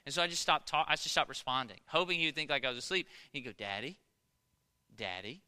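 A man in his thirties preaching a sermon in a conversational storytelling way, swinging between loud bursts and hushed passages. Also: fairly high pitch, rapid-fire, smooth. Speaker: pastor.

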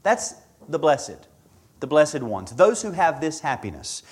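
A man preaching an expository sermon, measured and emphatic, repeating key words for stress. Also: on the high side, sing-song, slightly rough.

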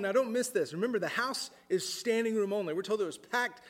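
A man preaching a sermon in an earnest way, repeating words as he thinks aloud and dropping his voice low for emphasis. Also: fairly quick, in a large hall. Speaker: pastor.

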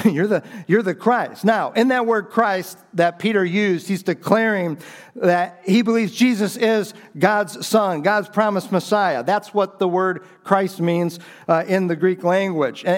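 A man preaching a sermon in an earnest, conversational way, explaining scripture with frequent restarts. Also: sits high. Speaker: pastor.

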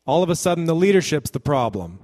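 A man preaching a sermon as a pastor, animated, often acting out the voices of the people in the passage he reads. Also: a little high, quick pace. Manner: animated, acts out quoted voices. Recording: long hall reverb.

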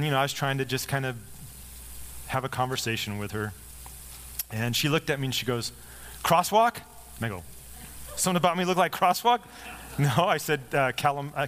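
A middle-aged male pastor in a sermon, telling a personal story in a relaxed, conversational way, acting out the lines of the people in it. His voice sits at an ordinary pitch, with a faint room ambience behind him. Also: a little hiss or hum. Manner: conversational storytelling, lively quoted dialogue.

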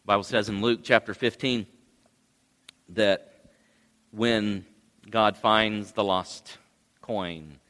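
A male pastor delivers a sermon in a slow, low, bright voice. His preaching rises into loud cries at times. The sound carries the long reverb of a church hall. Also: fairly even intonation.

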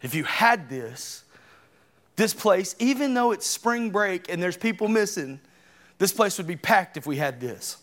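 Man in his thirties, preacher, very high voice, emphatic conversational sermon, loud bursts. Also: sing-song, measured pace. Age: 30s.

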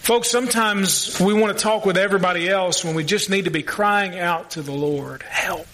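A man's voice: high-pitched, moderate pace, bright, forceful tone, a little hiss or hum. A male pastor preaching a sermon, earnest and asking the congregation questions.

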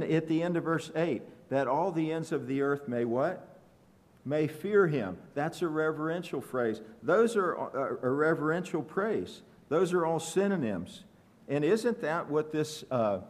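A man's voice: a little high, animated, a little slow, darkish tone. A man preaching a sermon, asking the congregation questions and joking with them. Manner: conversational, asks the congregation questions, joking asides.

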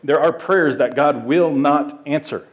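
A man's voice: on the high side, measured pace, slightly rough. A man preaching a sermon as pastor, earnest and emphatic, often repeating words as he goes.

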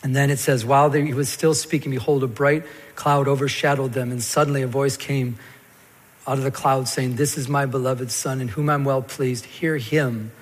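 A man preaching a sermon as a pastor, telling the scripture story in a lively way and acting out the stammering parts. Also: mid-range voice, normal speed. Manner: animated storytelling, acts out Peter's stammer. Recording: long hall reverb.

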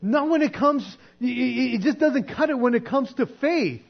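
A man preaching a sermon in a conversational way, sometimes acting out quoted voices and dropping to a soft hush. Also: very high voice, moderate pace, gravelly. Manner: conversational, acts out quoted voices, drops to soft hushed tones. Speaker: pastor. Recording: dull lo-fi sound with mains hum.

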